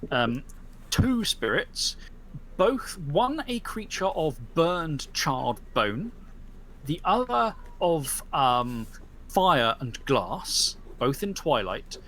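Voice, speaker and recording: A man's voice: on the high side, sing-song, drawn-out words, fairly bright tone. A man narrating as game master in a tabletop game, describing scenes with many fillers and restarts.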